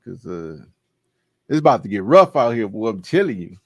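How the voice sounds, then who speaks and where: A man's voice: fairly low pitch, big pitch swings, moderate pace, fairly bright tone, no room sound, clean studio sound. A man hosting his channel, talking casually and slangily to viewers and laughing at a message he is reading out. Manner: laid-back slangy talk, laughing at what he reads. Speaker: channel host.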